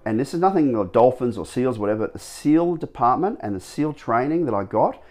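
A man, telling his stories as an interview guest, rambling and animated with many restarts. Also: mid-range voice, brisk. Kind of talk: casual storytelling interview.

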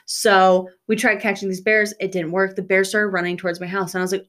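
A young woman co-hosting a podcast in a loose, chatty way. She tells stories with frequent swearing and easy laughter, in a voice of ordinary pitch. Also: flat delivery, fairly quick, a bit bright. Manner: chatty storyteller, swears freely, laughs often. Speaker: podcast co-host. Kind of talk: casual chat.

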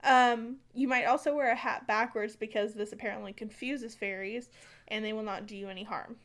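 A woman's voice: fairly high pitch, fairly even intonation, fairly quick, a bit bright. An American woman co-hosting a podcast, chatting casually about folklore with lots of fillers and some stumbling. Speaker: podcast co-host.

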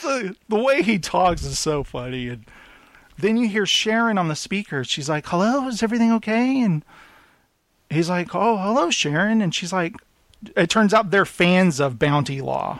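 Animated, high-voiced man recounting a film. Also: measured pace, no room sound. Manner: animated retelling, laughs often, acts out lines. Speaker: podcast guest. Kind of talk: casual film chat.

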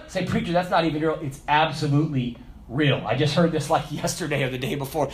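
A middle-aged male pastor with a high voice preaches an animated sermon. He asks the congregation questions and waits for their answers. He rises to loud exclamations, then drops to quiet asides. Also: fairly quick. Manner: animated call-and-response preaching, swinging between loud bursts and quiet asides.

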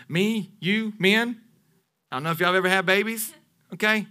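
High, bright-voiced animated preacher man. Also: normal speed. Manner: animated, joking asides to the congregation. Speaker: pastor. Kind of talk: sermon. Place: church sanctuary.

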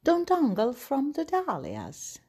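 A mother mouse with a raised, lilting voice, as a woman puts her on, patient but cautioning, stretching her warnings out slowly. A warm storybook parent calling after a restless child. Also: sits high, wildly swooping pitch, pitched above the performer's own voice, heavily acted. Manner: gentle, cautioning.

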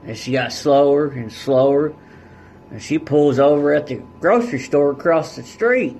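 A man's voice: a little high, expressive, normal speed, a little mellow, a little hiss or hum. A man guest on a podcast telling a story in a casual, blunt way, with heavy swearing and rural turns of phrase. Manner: blunt and heavily profane, rural dialect.

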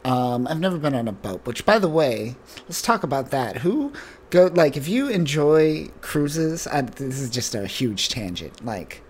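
A man's voice: mid-range voice, very animated, measured pace, husky. A man co-hosting a casual podcast, recapping a comic story in a rambling, joking way with many fillers. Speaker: podcast co-host.

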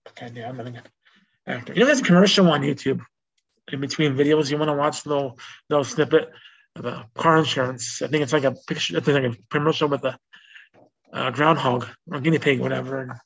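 A man's voice: mid-range voice, quick pace, vocal fry, fairly bright tone, slightly rough. Rambling man hosting a music podcast. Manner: rambling, with restarts and self-corrections; reads out notes in a plain informational way. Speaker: podcast host. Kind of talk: casual solo music-history podcast. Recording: dull lo-fi recording.

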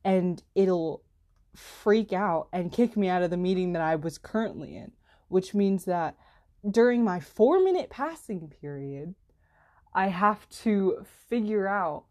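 A teenage girl chatting casually to camera as a student vlogger, rambling and peppering her talk with "like" and "literally", her voice jumping up when she gets exasperated. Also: takes it slowly. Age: teens. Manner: rambling, heavy use of "like" and "literally"; animated, jumps in pitch when exasperated.

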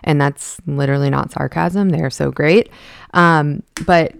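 A woman with a low, smooth voice talks through a casual podcast monologue, blunt and exasperated. She swears freely as she vents. The close mic sounds dry, with no room around it. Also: fairly even intonation, unhurried, no room sound. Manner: frank, exasperated venting with swearing. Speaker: podcast host.

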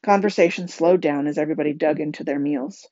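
Mellow woman reading a novel aloud. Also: sits low, quick pace, no echo. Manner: calm, even read-aloud with quiet voiced dialogue. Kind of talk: storybook reading. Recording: dull, lo-fi home recording.

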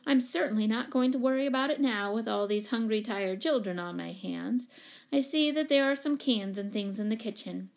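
A woman reading aloud plays a practical mother in a children's story, brisk and firm yet gentle. She sounds close to the reader's own voice. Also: on the high side, creaky.

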